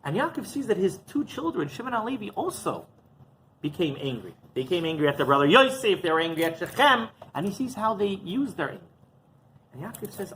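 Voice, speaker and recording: A man giving a rabbi's sermon, animated, constantly checking in with "right?" and restarting words. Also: high-pitched, fairly quick, slight background noise, poor audio. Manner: keeps asking "right?", animated delivery.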